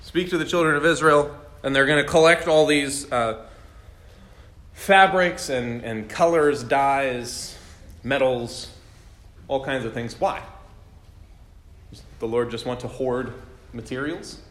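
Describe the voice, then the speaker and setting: Man, Bible study teacher, mid-pitched voice, conversational, asks the class questions, roomy echo. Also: takes it slowly, long pauses, a bit bright. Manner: conversational, quizzes the class, self-deprecating jokes. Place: classroom with a group. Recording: echoey room.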